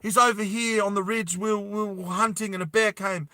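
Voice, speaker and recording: A man voicing an eager young son who talks fast and urgently in a storytelling video. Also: high voice, steady tone, sharp tone, no room sound, clean studio sound, pitched above the performer's own voice.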